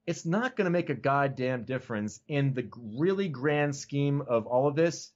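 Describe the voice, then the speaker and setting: A man's voice: medium pitch, lo-fi sound. A man in casual podcast chat as a guest, talking loosely and profanely and leaning on "like" and "you know what I mean.".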